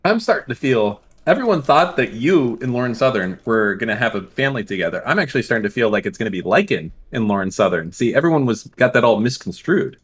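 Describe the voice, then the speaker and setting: A man's voice: medium pitch, lively intonation, fast, hardly any pauses, slightly rough. A man co-hosting a casual stream chat, talking in a sardonic, profane, joking way. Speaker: stream co-host.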